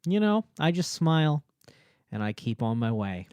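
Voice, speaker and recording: A man's voice: on the high side, very animated, moderate pace, a little mellow, smooth, no room sound. A young adult man co-hosting a podcast in casual chat, rambling, self-mocking and laughing often. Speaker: podcast co-host.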